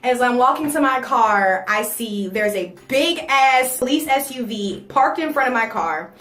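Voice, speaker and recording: A young woman telling a personal story for her vlog, animated and swearing freely. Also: fairly high pitch, a little slow. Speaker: vlogger. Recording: roomy echo, faint music.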